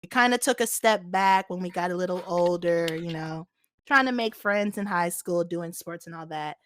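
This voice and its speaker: A young woman co-hosting a casual chat, animated and laughing often. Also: lowish voice, normal speed. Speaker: podcast co-host.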